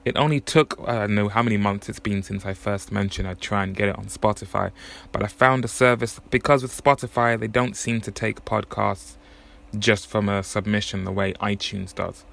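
A man's voice: lowish voice, fairly even intonation, normal speed, gravelly, a bit bright. A man hosting a solo podcast, chatting casually about music and often correcting himself as he goes. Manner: conversational, thinking aloud with frequent self-corrections. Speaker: podcast host.

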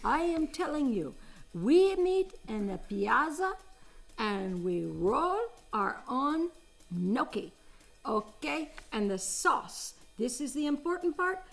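A woman's voice: sits high, big pitch swings, slow, vocal fry, soft background music, pitched above the performer's own voice, heavily acted. A woman voicing a passionate Italian woman cook, with a put-on Italian accent and emphatic, insistent instructions.

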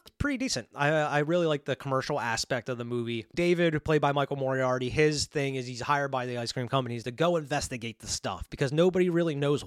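A young man talks through a horror film review in a loose, rambling way, leaning on filler words as he goes. His voice sits at a middle pitch and the recording is dry, with no room sound. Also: no room sound. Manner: rambling, heavy on "you know" and "like". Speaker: movie reviewer. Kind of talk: casual spoken film review.

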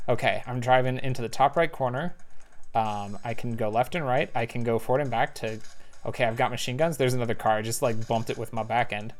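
A man's voice: mid-range voice, a little fast. Chatty man narrating his gameplay. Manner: chatty, thinks aloud, excited little outbursts. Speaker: gamer playing a spy video game; parent. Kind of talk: casual gameplay commentary. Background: faint game music.

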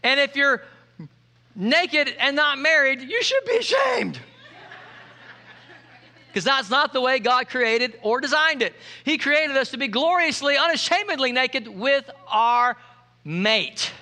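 With a bright, high, ringing voice, this preacher jokes freely with the congregation during an energetic sermon. He speaks at a measured pace and repeatedly prompts the crowd to answer him.

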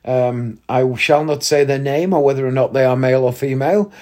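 A man's voice: medium pitch, fairly quick, darkish tone. A man hosting a casual solo podcast, chatty and self-mocking, laughing at his own jokes. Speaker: podcast host.

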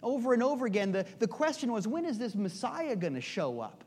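A man minister giving a conversational sermon in a storytelling way, moving between loud emphasis and hushed asides. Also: very high-pitched, sing-song, a little fast, breathy edge.

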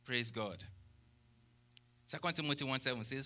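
A man's voice: medium pitch, moderate pace, bright, forceful tone. A man preaching a sermon who reads scripture aloud and explains it with rhetorical questions and exclamations of praise.

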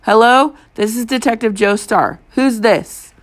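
A woman reading an audiobook, voicing a male police detective who speaks in a calm, measured, reassuring way. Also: fairly high pitch, pitched above the performer's own voice, lightly acted.

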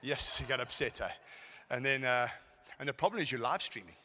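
Bright-voiced preacher in a hall. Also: male voice, mid-range voice, lively intonation, brisk. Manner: storytelling preacher, shifts from shouting to quiet asides. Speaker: pastor. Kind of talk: sermon. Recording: hall with long reverb.

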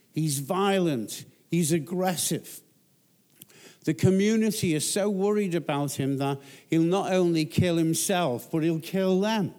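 A man preaching a sermon as a guest pastor, telling Bible stories emphatically. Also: darkish tone. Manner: storytelling, emphatic, rises in pitch for emphasis.

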